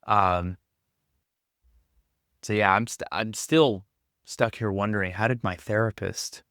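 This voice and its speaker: A man's voice: fairly low pitch, fairly even intonation, slow pace, a bit bright, clear, resonant tone, no room sound, clean studio sound. A young American man from Tennessee, a podcast guest rambling casually and making fun of himself. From Tennessee, USA. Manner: rambling and self-deprecating, often laughing. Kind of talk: casual conversation. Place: backpacker hostel.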